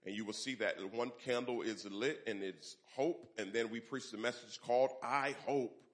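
A man preaching a sermon from the pulpit of a church. His voice sits at a middle pitch. He leads the congregation in call-and-response and pushes his voice up on the phrases he wants to land. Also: steady tone, moderate pace. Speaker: pastor. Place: church sanctuary.

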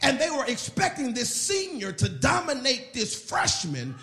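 High, lively, emphatic preacher man. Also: a little slow, roomy sound. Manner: emphatic, animated preaching with storytelling. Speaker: pastor. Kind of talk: sermon. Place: church.

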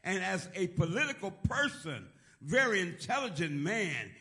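A middle-aged man preaching from the pulpit, his voice sitting a little high and swinging widely as he builds to shouted praise. He drops quiet for asides, then calls the congregation to repeat after him. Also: big pitch swings, moderate pace. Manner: call-and-response preaching, rising to shouts; repeats "praise God" often. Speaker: pastor. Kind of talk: sermon.

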